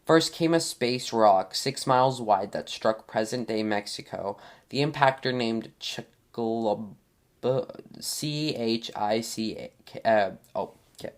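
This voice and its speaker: A young man hosts his own podcast, talking casually and at length. He rambles, leans on fillers and stumbles over tricky names. His voice sits at an everyday middle pitch for a man. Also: fairly bright tone. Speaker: podcast host. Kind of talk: casual solo podcast talk.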